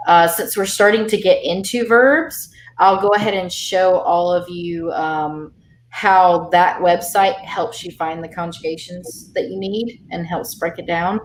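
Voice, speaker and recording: Woman, language teacher, slow, explanatory, lots of ums, echoey video call audio. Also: medium pitch, slight background noise. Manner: patient, explanatory, many fillers. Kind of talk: online language lesson.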